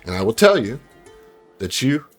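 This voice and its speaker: A man narrating as game master of a tabletop game, telling the story in a relaxed way with plenty of fillers. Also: medium pitch, moderate pace, faint music behind.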